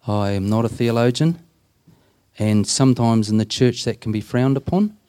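Here a man, both deacon and prison minister, tells interview stories in a sincere, plain way and dramatizes the quoted speech. He speaks at a normal speed in a warm, smooth, mid-range voice.

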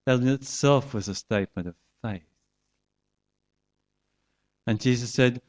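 A man's voice: medium pitch, unhurried, pauses often, a little mellow. A man preaching a sermon, earnestly retelling a scripture story and acting out its voices.

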